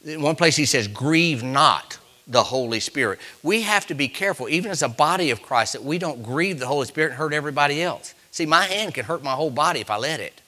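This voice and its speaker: Preacher guy giving a sermon, bright sharp voice a bit high, tells stories then builds up loud and punchy, asks the crowd stuff. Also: animated. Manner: rising to loud emphatic peaks, call-and-response; storytelling with quick asides to the congregation.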